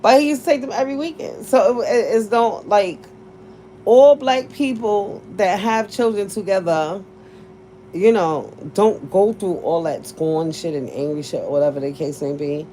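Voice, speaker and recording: A woman's voice: medium pitch, normal speed, mellow, slight background noise. A woman in her forties telling a casual story to her viewers, blunt and profane, laughing often as she talks. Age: 40s. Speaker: vlogger.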